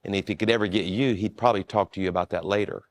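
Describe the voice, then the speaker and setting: A man who is a pastor, telling a story in a relaxed, self-deprecating way with frequent restarts. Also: fairly low pitch, rapid-fire, no room sound. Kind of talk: storytelling in a conversation.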